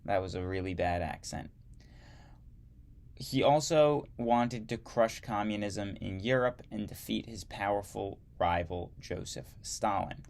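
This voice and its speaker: A man teaching history, reading a textbook aloud slowly and adding wry asides. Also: on the low side, gravelly.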